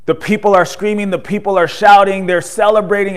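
A pastor preaching a sermon. He tells the story with animation, asks rhetorical questions and often tags his lines with "right?". At solemn points he drops soft and low. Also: steady tone, fairly quick, clean tone.

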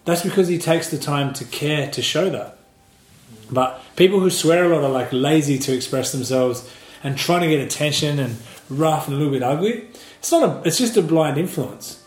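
A man who teaches martial arts and Qigong, speaking in an earnest, measured way during a reflective group discussion. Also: mid-range voice, a little mellow, roomy sound.

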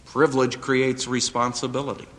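A man preaching a sermon to a live audience, with dramatic emphasis that rises to near-shouts on quotes. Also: mid-range voice, flat delivery, normal speed. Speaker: preacher and seminary professor. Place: auditorium before a live audience. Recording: hall reverb, radio broadcast.

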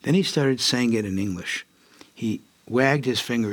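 An older man, a physician and interview guest, telling stories in a lively way, acting out voices he quotes and laughing often. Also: medium pitch, normal speed, no echo. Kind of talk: storytelling interview.

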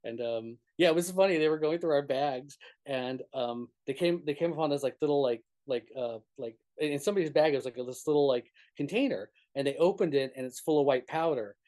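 This man's voice sits on the high side, with a dark tone and a brisk delivery. He's a touring musician from northern New Mexico sharing road stories in a relaxed interview, rambling, restarting, saying "like" a lot, and laughing often.

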